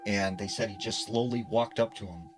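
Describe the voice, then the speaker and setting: A man's voice: on the low side, normal speed, poor audio. A man narrating scary stories in a casual way, full of fillers, and dropping his voice when quoting people. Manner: casual, many fillers like "like" and "you know". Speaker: storyteller. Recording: music playing underneath.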